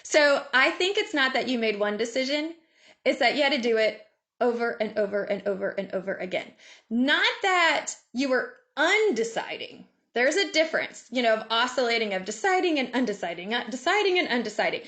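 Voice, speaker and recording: A woman giving a lively motivational talk over a video call, laughing often and acting out inner voices. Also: a little high, brisk. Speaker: guest speaker.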